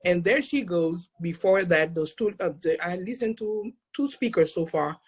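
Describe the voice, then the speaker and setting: A woman in her forties with a thick Haitian accent, sharing a personal testimony as an invited speaker in an excitable way that is quick to laugh. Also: on the low side, husky. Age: 40s.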